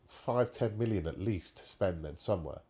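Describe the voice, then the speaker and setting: A man's voice: low voice, lively intonation, moderate pace, a little mellow, slightly rough. A man co-hosting a casual live fan stream, chatting and bantering. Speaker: fan podcast co-host.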